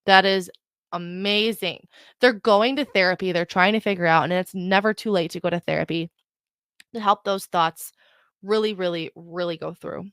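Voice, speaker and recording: A woman's voice: on the low side, moderate pace, a bit bright, clean tone, dry recording. Chatty woman podcast host, dry sound. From Ireland. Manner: chatty, emphatic, self-interrupting. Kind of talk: casual solo podcast talk with reading aloud.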